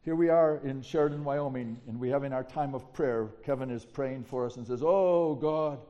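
A man preaching a sermon as pastor, telling a story in an animated way and asking the congregation rhetorical questions. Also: medium pitch, a little fast, muffled recording.

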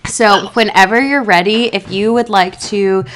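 Bright-voiced young woman podcast host. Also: mid-range voice, steady tone. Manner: chatty, quick to laugh. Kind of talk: casual chat.

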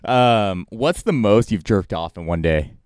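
A young man with a fairly low voice leads the chat, reading out cheeky questions and joking along. He is recorded close and dry. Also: lively intonation, a little slow, darkish tone, no echo. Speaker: podcast host asking questions. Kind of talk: casual chat.

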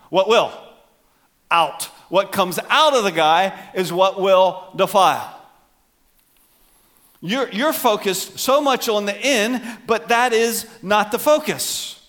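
A middle-aged man preaching a sermon as pastor, animated, acting out voices for emphasis. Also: high voice.

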